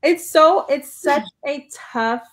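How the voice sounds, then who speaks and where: A woman's voice: high voice, slow. A young woman hosting an interview, friendly and affirming, often backing up her guest. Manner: friendly, affirming, frequent backchannels. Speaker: interviewer, host. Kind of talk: conversational interview.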